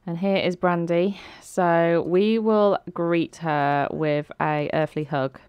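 Let's-play host, chatty and giggly, low smooth voice, close dry mic. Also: female voice, steady tone, takes it slowly, darkish tone, dry recording, muffled recording. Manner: chatty, laughing, lots of ums. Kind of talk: game commentary with voiced characters.

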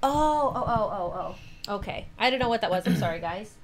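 A woman's voice: medium pitch, animated, brisk. A woman co-hosting a casual gaming livestream, playful and goofy, breaking into squeals. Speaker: livestream co-host.

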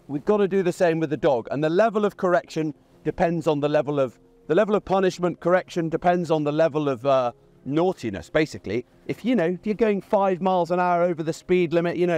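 Trainer, talks outdoors by a pond, plain and chatty, higher male voice. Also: a little mellow, no echo. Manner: chatty, plain-spoken, ranting asides. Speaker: dog trainer.

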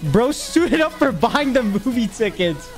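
Animated high-voiced male streamer. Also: a little slow, soft background music. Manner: animated, swearing, exasperated rants. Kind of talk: casual livestream chat.

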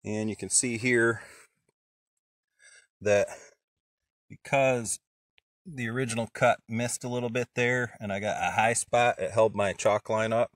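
Outdoors at a log pile, a homesteader casually explains his sawmill work, thinking aloud with many fillers in how-to narration. His mid-range voice is unhurried with fairly even intonation and long pauses, and the recording is dry.

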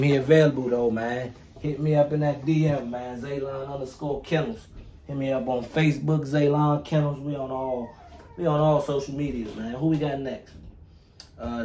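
A man's voice: medium pitch, darkish tone, slight background noise. Hyped-up slangy young man showing puppies. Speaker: dog breeder showing puppies. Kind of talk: casual vlog talk to viewers.

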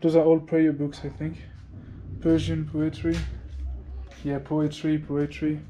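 An upbeat man with a French accent and a fairly high voice talks casually to his camera as he walks around outside. He often laughs at himself. Steady outdoor noise runs under his voice. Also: slow, lo-fi sound. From France. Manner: chatty, upbeat, self-mocking. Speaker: motovlogger host. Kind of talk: casual vlog walk-and-talk. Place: outdoors at a museum and temple.

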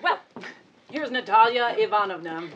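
An actress playing a motherly eldest sister who acts as hostess and gently corrects others. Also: on the high side, lively intonation, moderate pace, dull audio. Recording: noisy background.

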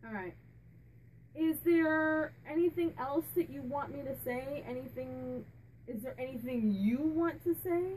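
High-voiced woman channeling a spirit. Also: a little slow, distant mic, slight background noise, poor audio. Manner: chatty, warm-hearted, many restarts and fillers; laughs and jokes with the spirit. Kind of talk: casual channeling talk to camera.

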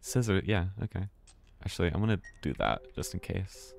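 A man's voice: low voice, expressive, normal speed, vocal fry, a little mellow. An American man giving live, chatty commentary while streaming a horror game, often restarting words and swearing casually. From United States.

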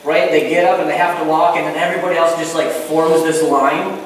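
A man's voice: a little high, steady tone, a little fast, slight background noise. A middle-aged man preaching a sermon in a goofy, conversational way, acting out quoted voices. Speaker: pastor. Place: church hall. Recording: echoey hall from far off.

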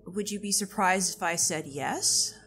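A woman playing a tabletop game who speaks earnestly and haltingly as her character tries to talk things through. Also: lowish voice, a bit bright, faint music behind. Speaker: player. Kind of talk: in-character role-play.

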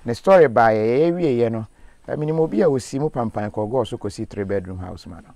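Outdoors in a forest, a man hosts a field interview in a mid-range, warm voice, animated and brisk, with no room sound. He talks casually, switches between languages, and drops encouraging, preacher-like asides.

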